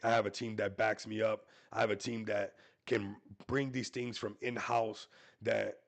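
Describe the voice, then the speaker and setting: This crypto live stream host has a fairly low voice with vocal fry, keeping a level tone and an unhurried pace despite his hyped, salesy pitch for a project. He is sick with a stuffy nose and keeps repeating "everybody" in his promo talk.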